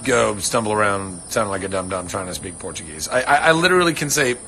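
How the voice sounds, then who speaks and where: A man hosts a casual livestream from his ranch home, wandering from thought to thought in an earnest, unfiltered way. His voice sounds bright and forward, and he swears freely. Faint crickets chirp in the background. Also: fairly low pitch, lively intonation, quick pace, slight background noise. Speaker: livestream host answering fans.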